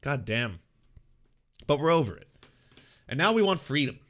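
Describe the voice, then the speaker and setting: A young man hosting a political commentary show, animated and sarcastic, slipping into mocking voices of the people he quotes. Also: medium pitch, moderate pace. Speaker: host.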